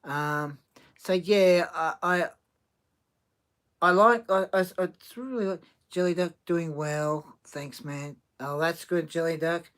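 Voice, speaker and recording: A man hosting a casual livestream, talking haltingly with many restarts and reading chat comments aloud. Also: fairly high pitch, fairly bright tone, clean tone.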